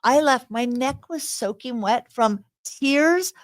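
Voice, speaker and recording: A woman's voice: sits high, takes it slowly, no echo. Chatty woman podcast host, dry sound. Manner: chatty, laughs often, restarts sentences. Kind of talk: casual chat.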